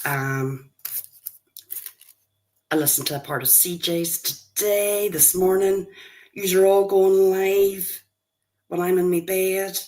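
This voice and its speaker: A woman's voice: mid-range voice, steady tone, slow, pauses often, darkish tone. A woman in her fifties, a grandmother, hosting a casual livestream and chatting with viewers, greeting them by name as they join. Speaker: livestream host.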